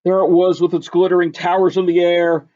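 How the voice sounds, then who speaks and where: A man reading a rhyming picture book aloud in a lively, sing-song, rhythmic way. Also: sits high, a little fast. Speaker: reader. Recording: dull lo-fi recording.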